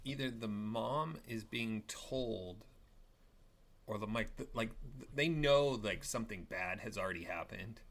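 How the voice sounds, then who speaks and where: Hesitant low-voiced man. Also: a bit bright. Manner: hesitant, repeats words while finding his point. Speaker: podcast co-host. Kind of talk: casual film discussion.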